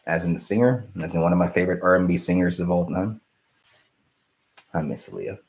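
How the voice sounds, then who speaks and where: Young man, very low voice, live-stream host, rambling casual chat, lots of ums. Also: brisk. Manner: relaxed, rambling, many fillers and restarts, laughs easily. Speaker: live stream host answering viewer questions.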